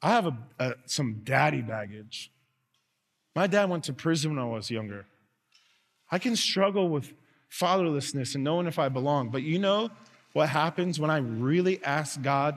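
A man preaching a sermon as pastor, earnest, dropping to soft tones and rising to loud calls. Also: on the high side, lively intonation, moderate pace. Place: church sanctuary. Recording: long reverb of a large hall.

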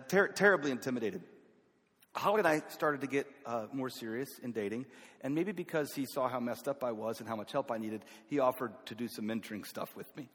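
Southern man, North Carolina roots, middle-pitched, telling a folksy story in a big reverberant hall. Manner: folksy, self-deprecating, with laughs. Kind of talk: personal storytelling.

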